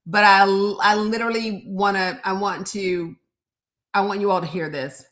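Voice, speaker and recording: A woman's voice: medium pitch, steady tone, normal speed, fairly bright tone. A woman hosting a live stream, chatting casually and rambling, talking straight to her viewers and getting openly frustrated. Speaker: livestream host.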